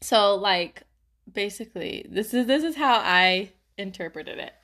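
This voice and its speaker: A woman's voice: medium pitch, animated, unhurried, a bit bright. A young woman co-hosting a podcast, chatting casually and reading listener stories, giggling often and filling her talk with "like". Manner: giggly, lots of "like" fillers. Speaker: podcast co-host.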